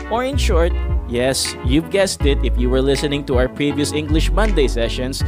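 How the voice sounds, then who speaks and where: A man hosting an explainer talk, chatty and laughing between points, with a sing-song stress on some words. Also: fairly high pitch. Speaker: host. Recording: music playing under the voice. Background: hip hop music.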